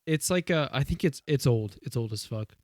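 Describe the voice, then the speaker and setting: A man's voice: mid-range voice, lively intonation, moderate pace, a little mellow, dry recording. A young man co-hosting a podcast, rambling through a casual story with lots of fillers and swearing. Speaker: podcast co-host. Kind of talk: casual chat.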